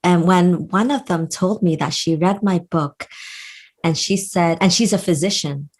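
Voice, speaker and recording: Woman podcast co-host, low voice, warm affirming explainer. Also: a little slow. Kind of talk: casual podcast chat.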